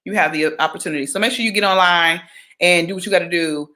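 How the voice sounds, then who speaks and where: A young woman from Georgia, chatting casually on a livestream, animated and talkative. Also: on the low side, fast talker. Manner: chatty, animated, breaks into sung exclamations. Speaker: livestream host.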